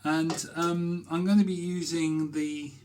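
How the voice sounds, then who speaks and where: A man's voice: on the high side, flat delivery, takes it slowly, darkish tone, slight background noise. Chatty man in a bathroom. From Britain. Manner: chatty, hesitant with many fillers. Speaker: shaving vlogger. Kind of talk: casual talk to camera. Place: small bathroom indoors.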